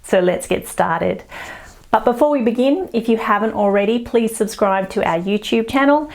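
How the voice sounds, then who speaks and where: A woman with an Australian accent teaching an online English lesson, encouraging and demonstrating phrases slowly. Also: on the high side, gravelly, a little mellow.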